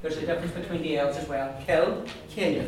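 A teacher with a Donegal accent leads a pronunciation class, repeating each syllable many times. The voice sits at an ordinary middle pitch. It comes from far off in a very reverberant room with steady noise behind. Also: racing, crowd noise. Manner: patient, repeats sounds many times over. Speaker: language teacher. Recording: very echoey room, mic far off, background noise.

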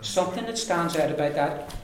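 Teacher drilling vowel sounds. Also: male voice, fairly high pitch, fairly quick, background noise. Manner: drills words aloud, repeats each one patiently. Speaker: language teacher. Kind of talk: classroom language lesson. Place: echoey classroom with students. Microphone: distant recorder in the room. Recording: echoey room, far from the mic, class chatter.

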